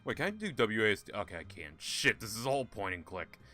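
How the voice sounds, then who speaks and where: A man's voice: on the low side, sing-song, brisk, pushed and bright, soft background music. A man giving casual, sarcastic, profane commentary while playing a point-and-click game. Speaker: gaming streamer. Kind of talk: casual let's-play commentary.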